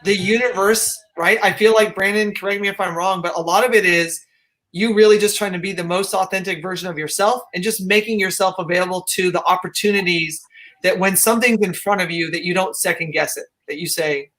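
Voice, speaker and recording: A man's voice: sits high, steady tone, a little fast, fairly bright tone, poor audio. A man hosting a live panel interview over a video call, asking rambling, enthusiastic questions. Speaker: host.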